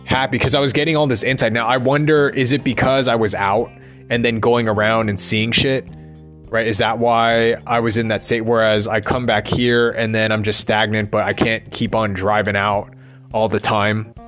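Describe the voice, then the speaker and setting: A man's voice: lowish voice, flat delivery, normal speed, fairly bright tone, soft background music. A man thinking aloud in a rambling personal monologue, restless and swearing as he questions himself.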